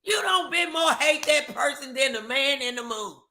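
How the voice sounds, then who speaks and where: Emphatic high-voiced woman preaching life lessons. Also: expressive, moderate pace, bright, forceful tone. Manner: emphatic, preachy, repeats phrases. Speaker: podcast co-host. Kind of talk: faith-based advice talk.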